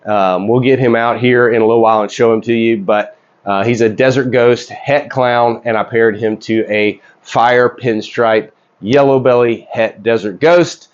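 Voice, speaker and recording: A man hosting his own reptile breeding vlog, speaking casually with a congested voice while recovering from illness and keeping his excitement down. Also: mid-range voice, moderate pace, muffled recording. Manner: chatty, rambling with many fillers. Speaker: reptile breeder and channel host. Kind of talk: casual vlog talk to camera. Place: reptile breeding room indoors.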